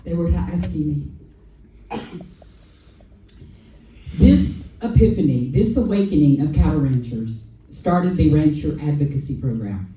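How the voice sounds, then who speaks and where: A woman telling an animated personal story on a festival panel, acting out quoted dialogue and repeating lines for emphasis, heard from a distant mic. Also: low-pitched, slow pace, pauses often, slight background noise. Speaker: sanctuary founder on a festival panel. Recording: echoey hall, voice from far off.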